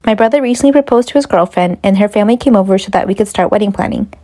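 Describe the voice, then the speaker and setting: Brisk mellow-voiced woman reading a story. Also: medium pitch. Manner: brisk, matter-of-fact.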